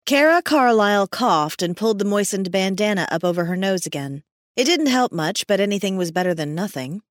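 A woman reads an audiobook in a steady, measured storytelling manner. Her voice is mid-range, recorded with clean studio sound and no room sound.

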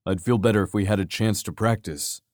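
A man voicing a tense male soldier under pressure in an audiobook, low and wry, muttering. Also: fairly quick, darkish tone, dry recording, clean studio sound, lightly acted.

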